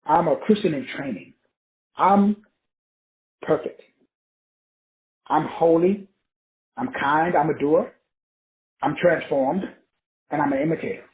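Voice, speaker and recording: A man's voice: on the high side, slow pace, pauses often. A man in his sixties, giving a casual, profane, preachy spiritual talk. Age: 60s. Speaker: spiritual teacher. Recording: tinny phone-like audio in an echoey room.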